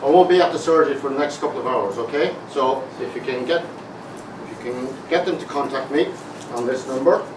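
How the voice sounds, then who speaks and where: A man's voice: mid-range voice, a little fast, natural voice. An Irish man acting a puzzled village doctor, coaxing and guessing aloud, in an amateur stage comedy. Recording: echoey hall, distant, loud noise.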